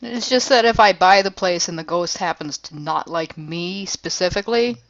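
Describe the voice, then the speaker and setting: A woman with a lower voice playing a tabletop game, polite and a bit hesitant. The sound is dry and somewhat dull. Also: moderate pace, fairly bright tone, dry recording. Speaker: player. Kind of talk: tabletop role-play.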